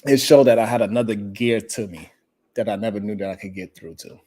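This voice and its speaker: Animated, profane male show host. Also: lowish voice, fairly quick. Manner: animated, swearing freely, loud bursts. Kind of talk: casual storytelling chat.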